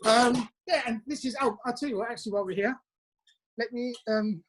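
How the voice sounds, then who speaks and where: A man from England, a musician guest, telling chatty anecdotes with quick asides over a video call from his home. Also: very high voice, a bit bright, slight background noise. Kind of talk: casual interview chat.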